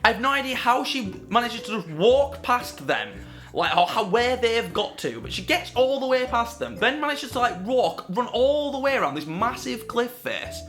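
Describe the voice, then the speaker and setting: A man co-hosting a casual film debate, acting out characters in quick voices as he talks. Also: extremely high pitch, expressive, sharp tone, soft background music. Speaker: film show co-host.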